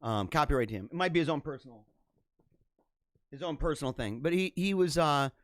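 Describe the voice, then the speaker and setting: Animated rambling male livestream host. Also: on the high side, brisk, no room sound, clean studio sound. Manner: rambling, with frequent restarts and animated bursts. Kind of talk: casual storytelling monologue.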